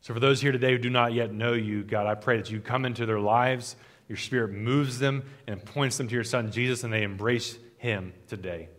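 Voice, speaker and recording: A man pastor delivers an earnest sermon and prayer in a measured, repeating cadence, his voice at an ordinary middle pitch. His phrases drop softer as they close. The sound carries the long reverb of a large church hall. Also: steady tone. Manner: earnest, rhythmic repetition, trailing off softer at phrase ends. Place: church sanctuary.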